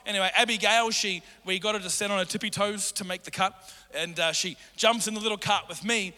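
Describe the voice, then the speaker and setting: A middle-aged man preaching a sermon as pastor, animated, acting out quotes in a raised voice. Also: high voice, a little fast. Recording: long hall reverb.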